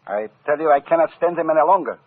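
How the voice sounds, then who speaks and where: Nervous proud violinist, lively pitch, husky, 1940s radio drama. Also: male voice, quick pace. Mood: indignant. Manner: stammering, excitable. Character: nervous, stammering male violinist, proud and fussy. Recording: tinny old radio broadcast.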